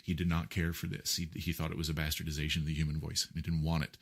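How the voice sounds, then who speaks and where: Very deep-voiced man explaining at length. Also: level tone, fast, gravelly, slightly rough. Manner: lecturing, with many fillers and rhetorical checks. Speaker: guest musician. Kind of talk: explanatory interview talk.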